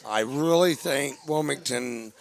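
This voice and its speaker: Man, mid-pitched voice, casual folksy football color commentary, enthusiastic. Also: measured pace, vocal fry. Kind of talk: local sports broadcast commentary.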